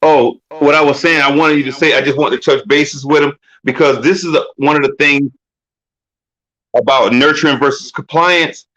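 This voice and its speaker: A man's voice: a little high, fairly even intonation, moderate pace, a bit bright. A man speaking earnestly in a casual panel discussion, often restarting as he searches for words. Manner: earnest, repeats himself while searching for words. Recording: dull lo-fi audio.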